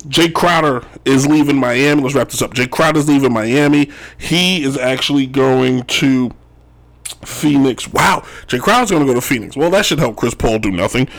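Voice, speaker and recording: A man hosting a casual sports talk show, rambling and joking about basketball moves, often tossing in "if you will.". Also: medium pitch. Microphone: wearing Chicago sports gear.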